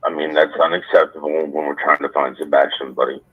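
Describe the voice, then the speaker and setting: Very deep-voiced man over a phone line. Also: flat delivery, husky. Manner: halting, with many fillers, firm complaint. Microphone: phone played through a speaker.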